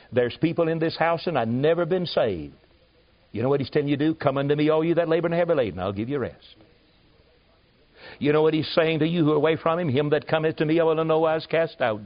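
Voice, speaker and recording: An American man preaching a revival sermon, telling stories and building to loud emphatic peaks before dropping low. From United States. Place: church service with a congregation. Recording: dull lo-fi recording.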